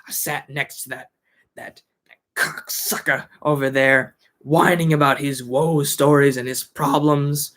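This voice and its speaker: A man acting out an irate aging male union boss, his delivery indignant and shouting. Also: medium pitch, fairly even intonation, unhurried, natural voice.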